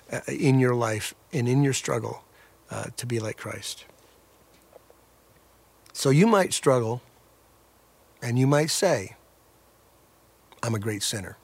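A man's voice: mid-range voice, dry recording. A man preaching a sermon as a pastor, earnest, with a repetitive cadence that rises and falls in intensity.

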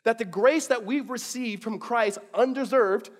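Animated high-voiced male preacher. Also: a little slow. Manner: animated, conversational, playful asides. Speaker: pastor. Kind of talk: sermon. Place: church hall before a congregation.

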